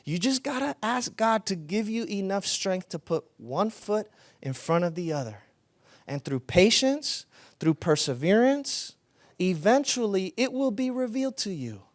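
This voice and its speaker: Guy preaching casual, young, higher pitched voice, conversational sermon style. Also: expressive, a little slow, no echo. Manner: conversational, storytelling with laughs. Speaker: pastor.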